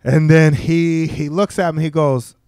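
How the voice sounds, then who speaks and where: A man's voice: a little high, a little slow, no room sound, clean studio sound. A man, a stand-up comedian telling stories in casual chat and acting out the people he quotes. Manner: animated storyteller, acts out quoted voices. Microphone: studio mic.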